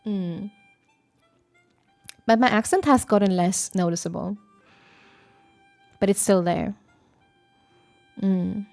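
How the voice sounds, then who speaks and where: Young woman streamer, southern Swedish accent, mid pitch, chatty musing tone, dry close sound. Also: slow pace, vocal fry, pauses often, no echo, soft background music. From Sweden. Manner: chatty and musing, thinks aloud with fillers and soft laughs. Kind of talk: casual chat, reading chat aloud.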